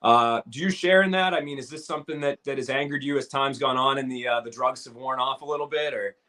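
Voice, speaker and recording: A man interviewing a fighter, asking questions in a quick conversational way. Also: medium pitch, bright, forceful tone.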